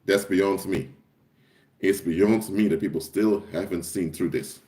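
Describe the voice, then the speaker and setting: A man's voice: deep voice, a little slow, dark tone. Emphatic man preaching on a live stream. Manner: emphatic, repeats key phrases for force.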